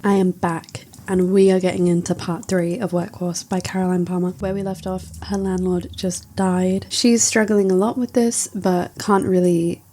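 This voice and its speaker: A woman's voice: fairly low pitch, level tone, normal speed, few pauses, warm tone. Chatty woman recapping a book. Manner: chatty, wry, recounting with quotes. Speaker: book reviewer.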